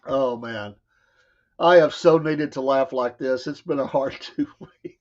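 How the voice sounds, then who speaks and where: A man's voice: medium pitch, a little slow. A man with a Southern US accent, co-hosting a talk show and telling stories in a casual chat, laughing often and quoting people in voices. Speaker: show co-host. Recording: dull lo-fi sound.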